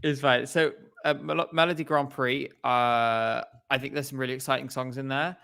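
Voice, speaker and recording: A man's voice: medium pitch, fairly even intonation, moderate pace, vocal fry, bright, forceful tone, clean tone. A man co-hosting a casual podcast chat over a video call, rambling and hesitant with many fillers. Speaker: co-host.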